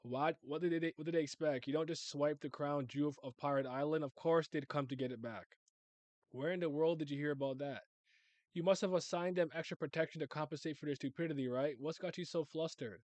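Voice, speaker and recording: A man reading a gruff old navy hero. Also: on the high side, fairly quick, a little mellow, dry recording, close to an everyday voice. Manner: dismissive, blunt. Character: gruff older male navy hero, blunt and impatient.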